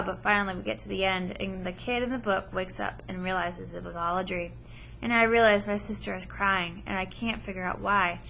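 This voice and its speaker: Woman, teacher, reading aloud, expressive, gravelly edge, slightly dull recording, faint hiss. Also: medium pitch. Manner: expressive storybook reading, stopping to ask questions. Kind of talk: read-aloud lesson with comprehension questions.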